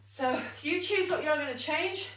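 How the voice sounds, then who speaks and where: A woman leads an online workout class from home, cheerful and laughing at herself as she counts down each round. Her high, bright voice is slow and out of breath. It sounds roomy and a little distant from the mic. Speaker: fitness instructor. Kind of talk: live online exercise class.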